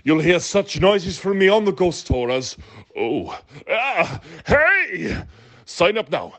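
Brief: a man playing a hammy, booming celebrity pitching spooky tours, slow and wildly up and down. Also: huge pitch swings, a bit bright, full character voice. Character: impression of a famous male singer as a ghost-tour host. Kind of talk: spoof radio ad.

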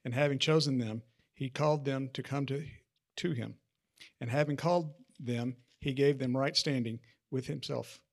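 A man reading scripture aloud to a small group in a steady, plain manner. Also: medium pitch, moderate pace, gravelly.

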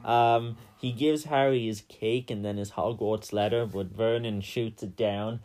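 A man's voice: fairly low pitch, steady tone, unhurried, darkish tone. A man co-hosting a casual podcast, recapping a film in a joking, rambling way with lots of fillers. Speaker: podcast co-host.

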